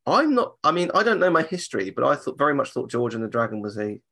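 Very animated and quick, this co-host of a theme park podcast has a mid-range voice that's gravelly with a sharp edge. He chats casually, cracks jokes, and puts on silly voices for laughs.

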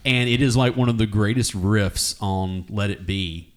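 A man's voice: on the low side, a little slow. A man co-hosting a casual chat, rambling as he hunts for names. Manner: rambling, searches for names with ums. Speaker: podcast co-host.

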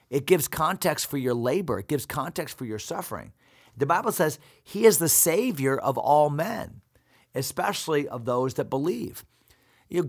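A male pastor walks through a Bible passage in a sermon-like cadence. His voice has a gravelly texture, and his pitch swings widely as he repeats key phrases. He sounds earnest and deliberate. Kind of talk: Bible teaching discussion.

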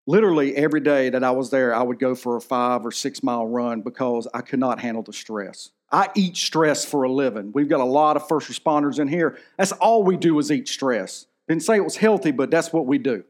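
A man's voice: mid-range voice, moderate pace. A man in his thirties preaching a sermon in a church, telling a personal story in an earnest, emotional way. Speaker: pastor.

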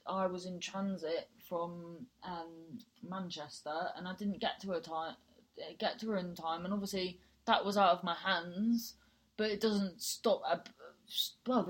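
A woman talking casually as a podcast host, blunt and frank, swearing freely and rambling with many restarts. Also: fairly low pitch.

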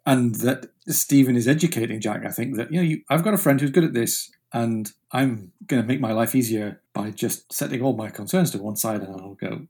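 Husky-voiced male podcast co-host. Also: mid-range voice, fairly quick, few pauses, warm tone. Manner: thoughtful, with frequent restarts. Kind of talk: casual book discussion.

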